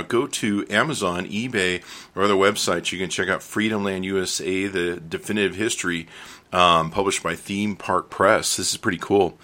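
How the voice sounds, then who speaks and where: A man's voice: on the low side, pushed and bright. A man hosting a podcast interview, chatting casually and making joking asides. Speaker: podcast host.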